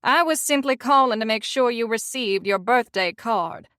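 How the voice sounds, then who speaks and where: A haughty old Southern lady with a gravelly voice and a thick drawl, put on by a woman narrator. She sniffs out her disapproval in this storybook romance, recorded dry and close. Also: fairly high pitch, moderate pace, a bit bright, no echo, lightly acted. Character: prim, disapproving elderly Southern great-aunt.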